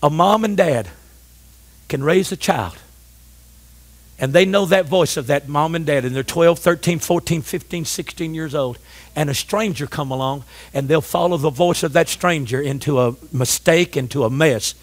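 A man's voice: on the high side, moderate pace. A male pastor preaching a sermon, repeating phrases rhythmically and urging the congregation to answer aloud.

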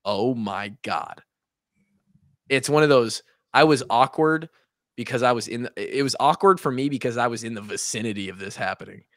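A man's voice: mid-range voice, moderate pace, dry recording. Young guy from iowa on a podcast, spins a wild locker room story, swears a lot, dry close mic. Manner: animated storyteller, acts out quotes, swears. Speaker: podcast host, former player. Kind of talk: casual storytelling chat.

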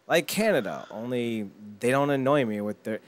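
A man's voice: mid-range voice, expressive, moderate pace. A man co-hosting a casual gaming podcast, rambling with restarts and breaking into profane comic rants. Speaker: podcast co-host.

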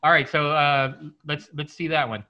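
Over a whiskey tasting, a podcast host jokes and chats loosely, stumbling through fillers and restarts. His pitch is fairly high with a steady tone at normal speed, and the sound is lo-fi.

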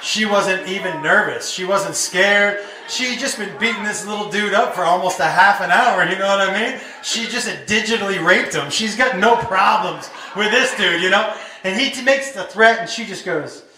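This is a stand-up comedian with a high voice, storytelling animatedly in a live comedy club and acting out the scenes as he yells the punchlines at a moderate speed. Audience laughter fills the background, and the roomy venue sound places him at a distance.

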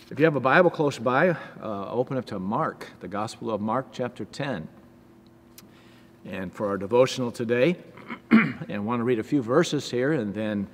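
A male pastor giving a devotional sermon with scripture reading, earnest, measured and encouraging. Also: lowish voice. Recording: echoey hall with faint background noise.

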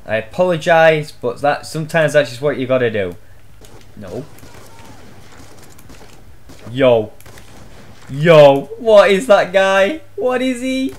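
A young man giving loud, swear-filled live commentary on his own gameplay, shouting out reactions as he plays. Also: on the high side, expressive, slow, pauses often. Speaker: gaming channel host.

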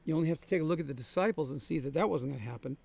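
A pastor leads an earnest, sermon-style Bible study while traveling on the road. His voice is a little high, creaky and a little mellow, delivered rapid-fire. He preaches conversationally and repeats points for emphasis.

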